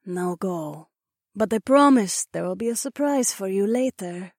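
A man voicing a drowsy, affectionate catwoman who speaks softly and slowly with a purr. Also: high-pitched, expressive, no echo, clean studio sound, pitched above the performer's own voice, full character voice. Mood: drowsy tender. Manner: soft, slow, purring. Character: drowsy affectionate catwoman, young adult woman.

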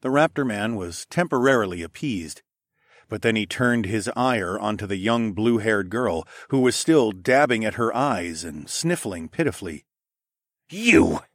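A man's voice: on the low side, animated, normal speed, no room sound, clean studio sound. A man narrating an audiobook in the first person, telling the story expressively.

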